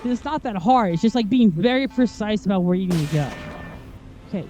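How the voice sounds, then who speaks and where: A gameplay commentator whose voice is going hoarse, talking through a tricky puzzle and getting more frustrated, swearing and complaining at the game. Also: mid-range voice, expressive, a little fast, warm tone, faint music behind. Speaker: video game let's-play host.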